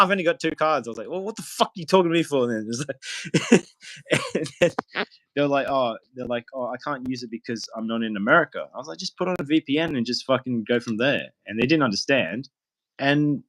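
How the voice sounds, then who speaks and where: A man's voice: mid-range voice, a bit bright, rough recording. A man, a guest on a live stream, telling loose, rambling stories full of fillers and laughs. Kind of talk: casual swearing storytelling.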